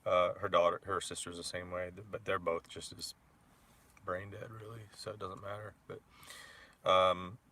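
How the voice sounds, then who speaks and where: A man's voice: low-pitched, flat delivery, moderate pace, bright, forceful tone, slight background noise. A man in his forties ranting about his ex-wife with profane, mocking, heated talk full of filler words. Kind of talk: rambling personal rant.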